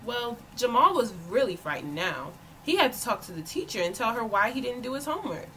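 A woman volunteer reading a children's picture book aloud with expressive storytelling. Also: fairly high pitch, brisk, noisy background. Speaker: volunteer reader.

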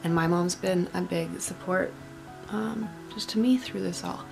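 Hushed, gravelly woman with morning voice. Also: lowish voice, fairly even intonation, measured pace. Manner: soft and hushed, dropping to a whisper at times. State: morning voice, just woke up. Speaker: vlogger. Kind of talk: casual vlog talk to camera. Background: music playing.

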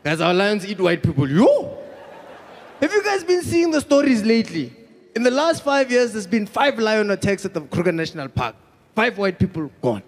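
High-voiced South African comic. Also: male voice, big pitch swings, moderate pace. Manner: chatty, laughs at his own jokes. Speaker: stand-up comedian. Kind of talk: stand-up comedy set.

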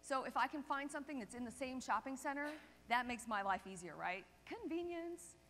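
A woman chiropractor giving a seminar talk, telling lively anecdotes and checking in with the audience. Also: high voice, fairly quick. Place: seminar hall stage. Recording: long reverb of a seminar hall.

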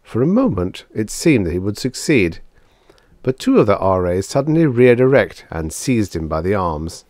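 An audiobook narrator, a man with a fairly low voice, reads a vintage science fiction story aloud in an expressive, storytelling style at a moderate pace. The scripted narration has clean, dry studio sound.

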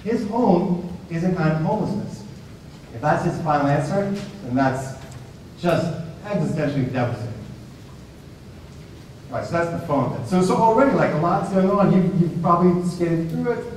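A male professor leading a class discussion, animated and full of restarts and questions to the students. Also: on the high side, moderate pace, pauses often, slight background noise. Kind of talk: discussion-led class talk. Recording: echoey hall heard from a distance.

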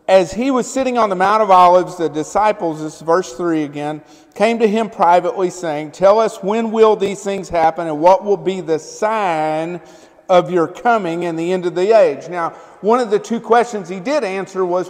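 A pastor with a high-sitting, darkish voice preaches at a moderate pace in a church sanctuary, the sound carrying a long hall reverb. His sermon is loose and conversational, and he keeps checking in with the congregation with "right?" and "amen?".

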